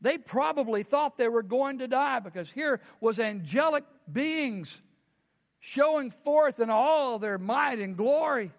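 A man's voice: very high-pitched, lively intonation, a little slow, creaky, in a large hall. A man preaching a sermon as a pastor, often asking his congregation questions.

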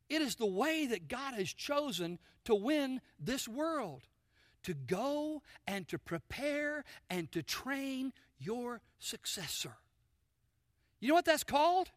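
High, bright-voiced male preacher. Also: no room sound, clean studio sound. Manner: addresses congregation with call-and-response questions; swings between loud emphasis and soft near-whispers. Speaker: pastor. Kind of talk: sermon. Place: church sanctuary.

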